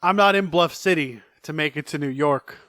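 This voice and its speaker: A man's voice: a little high, moderate pace, pushed and bright, no echo, studio quality. A man voicing a brash male pro wrestler cutting a rhythmic, rhyming trash-talk promo. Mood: swaggering.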